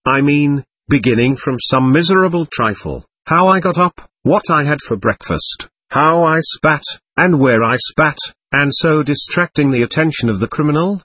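A man voicing an excitable, proud nobleman under police questioning, talking on and on in a defiant way. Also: on the high side, normal speed, slightly rough, no room sound. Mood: defiant, voluble. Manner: voluble, defiant, laughing nervously.

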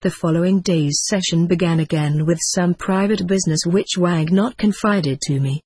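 Give me a calm audiobook narrator at a middling pitch with a slightly breathy voice. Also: moderate pace, no echo.

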